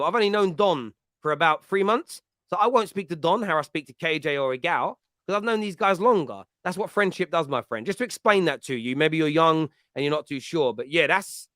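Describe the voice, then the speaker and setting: A man with an East London accent, hosting a fan podcast and answering chat comments in an animated, chatty way, laughing often and restarting his sentences. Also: high-pitched, no echo, clean studio sound. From East London, England. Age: adult with a school-age child.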